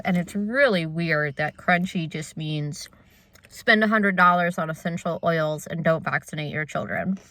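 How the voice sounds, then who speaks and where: A woman's voice: on the low side, fairly bright tone, dry recording. A woman, chatting casually to her viewers in a vlog. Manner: chatty, talks straight to viewers. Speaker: vlogger.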